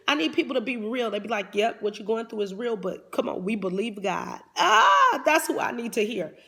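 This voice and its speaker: A woman's voice: on the high side, a bit bright. A woman life coach giving a motivational talk in a fervent preaching cadence, often repeating "come on".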